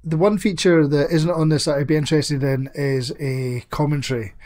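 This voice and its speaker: A man's voice: on the high side, fairly even intonation, normal speed, a little mellow. A man co-hosting a podcast, chatting casually about films with lots of swearing and rambling asides. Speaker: podcast co-host. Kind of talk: casual film chat.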